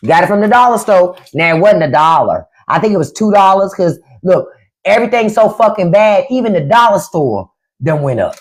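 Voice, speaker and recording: A woman hosting a livestream, ranting bluntly and mockingly with plenty of profanity. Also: mid-range voice. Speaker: livestream host. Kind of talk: casual livestream rant.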